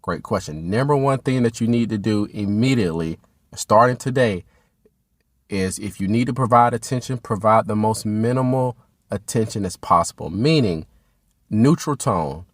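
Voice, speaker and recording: A man with a fairly low voice gives parents steady, instructive advice on their children's behavior. He keeps an even, calm delivery, and the sound is close and dry with almost no room echo. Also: moderate pace. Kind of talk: direct-to-camera parenting advice.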